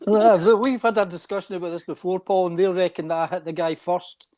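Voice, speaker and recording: A Scottish man in his sixties, a former band member telling old tour stories in casual chat, animated, stumbling over restarts and swearing freely. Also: sits high, brisk, a crowd in the background. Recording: noisy mic line.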